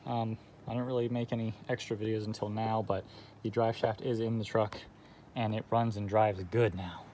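A man's voice: fairly low pitch, moderate pace, a little hiss or hum. A young man, telling a casual, profane story about a salvage yard and laughing as he vents. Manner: animated, profane, laughs while venting. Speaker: car vlogger.

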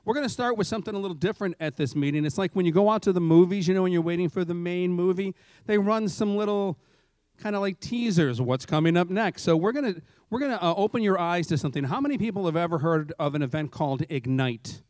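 A man's voice: sits high, fast, a little mellow, no room sound. A man welcoming a crowd and introducing speakers at a community event, casual and chatty. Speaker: chamber president and emcee. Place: college event hall.

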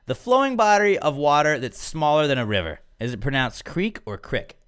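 A man's voice: fairly high pitch, big pitch swings, normal speed, a bit bright, smooth. A man hosting a podcast, reading listener questions and joking around in casual chat. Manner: joking, upbeat banter. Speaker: podcast host.

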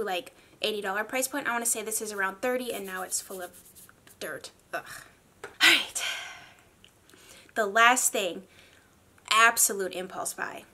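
Woman, beauty vlogger, casual review chat, gushing, bright tone. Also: medium pitch. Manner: chatty and gushing, with animated asides. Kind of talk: casual makeup review vlog.

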